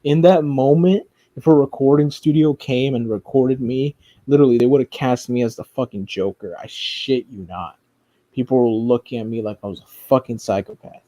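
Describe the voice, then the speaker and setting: A man's voice: medium pitch, moderate pace, warm tone, dry recording. A man giving casual, rambling commentary, swearing often and restarting his sentences. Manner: rambling, profane, frequent fillers and restarts. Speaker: commentary streamer.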